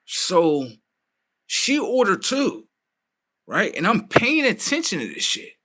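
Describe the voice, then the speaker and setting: A man with rants to his stream. His pitch swings up and down and his tone is bright. He talks casually, incredulous, and swears freely. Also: slightly rough. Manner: animated, incredulous, swears freely, quotes others in his own voice. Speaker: livestream host. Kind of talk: casual storytelling rant.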